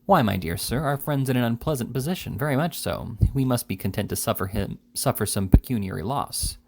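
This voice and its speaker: A man's voice: medium pitch, lively intonation, fairly quick, gravelly. A man voicing a bustling little male attorney who coaxes and haggles, forever saying "my dear sir.". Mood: wheedling. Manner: coaxing, repeats "my dear sir".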